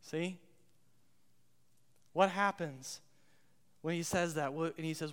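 A man preaching a sermon as pastor, impassioned, swinging between loud outbursts and hushed moments. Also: on the high side, takes it slowly, long pauses, clean tone. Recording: long reverb of a large hall.

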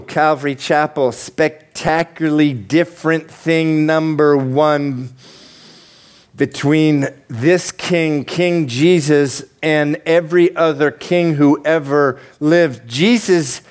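Animated preaching man, quick to rise. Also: a little high. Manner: conversational, animated preaching with rising emphatic peaks. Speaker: pastor. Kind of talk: sermon.

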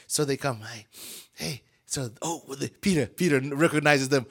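A man preaching a sermon in a church with a Ugandan accent, swinging between shouts and whispers and acting out the people in his story. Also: on the high side, a little fast, gravelly, few pauses. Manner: animated, swings from shouting to whispering, acts out voices.

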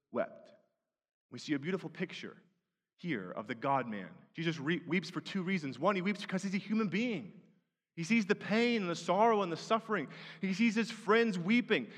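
A man's voice: sits high, fairly bright tone. A man preaching a sermon as pastor, earnest and building to emphatic repeated phrases. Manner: earnest, rising to emphatic repetition. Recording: long hall reverb.

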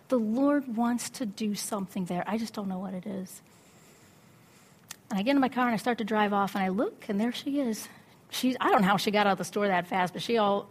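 Woman preacher, middle-aged, breathy, somewhat high voice, animated story sermon. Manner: animated storytelling, acts out her own inner voice.

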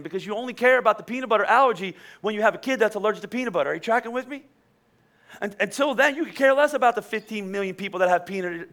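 A man's voice: high voice, pushed and bright. A man in his forties preaching a sermon in a conversational way that builds to emphatic peaks. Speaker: pastor.

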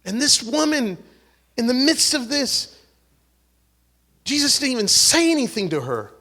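A man preaching a sermon, swinging between loud exhortation and hushed, whispered prayer, acting out the voices he quotes. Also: very high-pitched, sing-song, unhurried. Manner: acts out quoted voices, repeats words and restarts.

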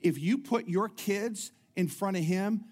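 Conversational preaching man, fairly high voice. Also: unhurried, a little mellow. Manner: conversational preaching with humorous asides and frequent restarts. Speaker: pastor. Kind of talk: sermon.

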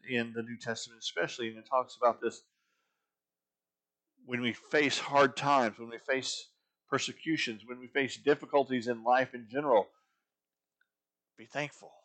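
Pastor preaching in a conversational way. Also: male voice, mid-range voice, a bit bright. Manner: conversational, asks rhetorical questions. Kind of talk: sermon.

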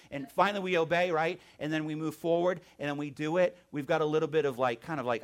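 A male pastor preaching a sermon in church, animated, often calling out "amen?" and "right?". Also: on the high side, fast, hardly any pauses.

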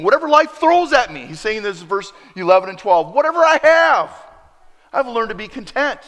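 A man preaching a sermon, telling a personal story and acting out both sides of the dialogue with lively emphasis. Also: a little high. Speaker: pastor. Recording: preacher in a reverberant hall.

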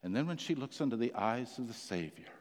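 A man's voice: medium pitch, expressive, a little fast. Impassioned preacher man in a hall. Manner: impassioned storytelling that swells loud and then sinks near a whisper. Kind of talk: sermon.

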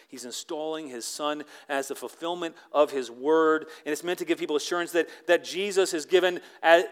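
A man preaching a sermon, earnest, moving between forceful emphasis and hushed, reverent lines. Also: a little high. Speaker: pastor.

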